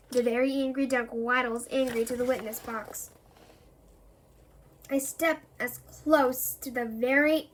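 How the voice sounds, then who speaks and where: Woman with a high voice reading a children's story aloud, lively, voices the characters. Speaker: reader.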